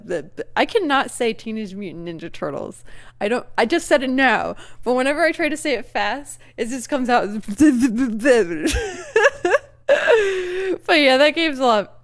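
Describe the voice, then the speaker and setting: A woman streamer chatting casually during a live reaction, giggling often and rambling with many fillers and restarts. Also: high-pitched.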